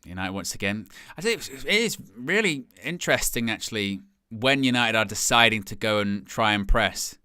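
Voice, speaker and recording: A young man hosting a live fan commentary of a match, talking casually and jumping from quiet asides to loud excited shouts. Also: fairly low pitch, normal speed, few pauses, clear, resonant tone, dry recording, clean studio sound. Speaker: fan watch-along host.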